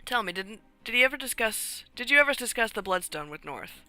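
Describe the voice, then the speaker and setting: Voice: mid-range voice, sing-song, a little fast, bright, forceful tone, faint music behind, voice pushed up. A streamer voicing a polite detective inspector who asks questions formally and courteously. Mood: probing.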